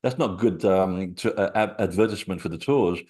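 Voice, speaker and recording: A man, an author being interviewed, telling lively personal anecdotes full of asides and quoted thoughts. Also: low-pitched, fairly quick. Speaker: author and researcher of sacred sites. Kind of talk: conversational interview storytelling.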